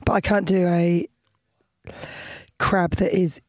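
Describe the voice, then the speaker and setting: A woman comedian co-hosting a podcast, bantering quickly in casual chat with indignant pushback. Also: on the low side, flat delivery, darkish tone, dry recording, clean studio sound.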